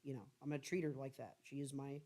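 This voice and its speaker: A man's voice: medium pitch, steady tone, fast talker, dark tone. A young man co-hosting a casual podcast, talking earnestly and repeating himself as he thinks aloud. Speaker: podcast co-host.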